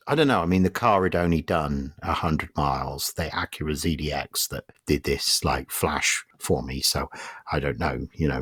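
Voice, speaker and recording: A man's voice: extremely low pitch, a bit bright, husky, no room sound. A middle-aged Englishman with an English accent, hosting a podcast with blunt, wry, rambling car review talk that swears freely. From England. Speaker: podcast host. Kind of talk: casual car review chat.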